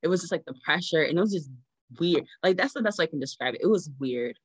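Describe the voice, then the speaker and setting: A woman telling her own story casually to viewers, animated and laughing often. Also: fairly low pitch, quick pace, husky, no room sound. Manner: animated, addresses listeners as "y'all", laughs often.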